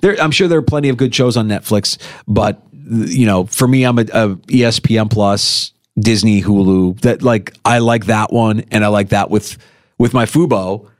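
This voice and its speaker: A man hosting a sports radio show, talking casually and animatedly, his pitch leaping when he makes a point. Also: moderate pace. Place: radio studio.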